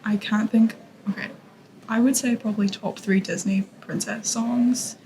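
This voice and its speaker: A young woman gushes through casual podcast chat, with a gravelly, creaky texture to her voice. Her tone is effusive and quick to laugh. There is a clear hiss of noise under the recording. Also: fairly high pitch, fairly even intonation, mellow, low-quality recording. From Scotland. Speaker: podcast co-host.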